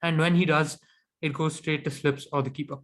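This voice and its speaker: A man with a slightly higher-pitched voice co-hosts a casual cricket chat. He gives firm, analytical opinions on players and teams. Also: flat delivery, a little fast, fairly bright tone. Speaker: cricket podcast co-host.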